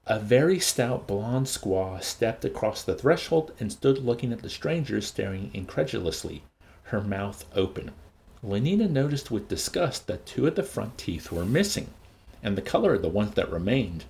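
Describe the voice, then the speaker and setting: A man hosting a show and reading a novel aloud in an expressive, varied voice. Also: on the low side, normal speed, vocal fry.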